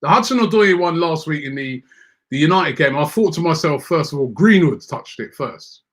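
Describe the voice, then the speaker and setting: A man's voice: a little high, expressive, normal speed, a bit bright. A man hosting a football fan show, reading out viewer comments and ranting with exasperation, often repeating words when worked up. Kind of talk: animated casual rant.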